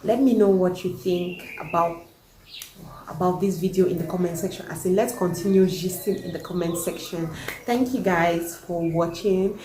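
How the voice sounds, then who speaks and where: A woman giving her opinions in a casual reaction vlog, animated and emphatic. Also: fairly low pitch, normal speed. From Cameroon. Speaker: vlogger reacting to a video. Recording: echoey room.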